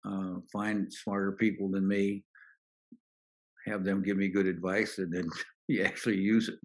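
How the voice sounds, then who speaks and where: A man's voice: deep voice, moderate pace. An older man, a guest on a podcast, telling anecdotes in an interview and acting out the lines of people he quotes. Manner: anecdotal, relaxed, acts out quoted dialogue. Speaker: podcast guest, business author. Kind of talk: storytelling interview answers.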